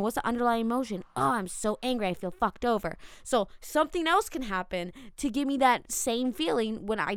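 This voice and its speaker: A woman's voice: on the high side, smooth, no room sound, clean studio sound. A young woman vlogging in a chatty, casual storytelling way, swearing freely and laughing between lines. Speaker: vlogger on mindset and manifesting.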